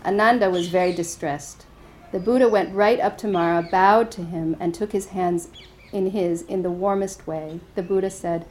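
A woman meditation teacher giving a dharma talk and telling a story in a gentle, hesitant way, with easy laughter. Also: lowish voice, fairly even intonation, moderate pace, hardly any pauses, a little hiss or hum, low-quality recording.

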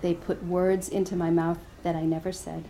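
A woman voicing a warm, gentle old male spiritual master in a story read during a dharma talk. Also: fairly low pitch, flat delivery, normal speed, gravelly, slight background noise. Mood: wry. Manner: warm, wry.

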